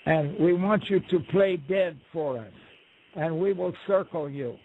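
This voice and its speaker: A man voicing a flock of scheming male buzzards in a folk tale, coaxing and flattering, over a phone line. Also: fairly high pitch, unhurried, slight background noise. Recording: tinny phone line on radio.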